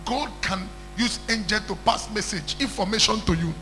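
A man's voice: high voice, normal speed, hardly any pauses, pushed and bright, soft background music, low-quality recording. A man preaching an emphatic call-and-response sermon who repeats phrases and calls for hallelujah.

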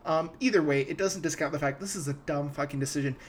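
Young guy ranting on his podcast, kinda high voice, swears a lot, bit of hiss behind. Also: fast. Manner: animated, ranting, swears freely, stumbling restarts. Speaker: podcast host. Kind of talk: casual ranting movie talk.

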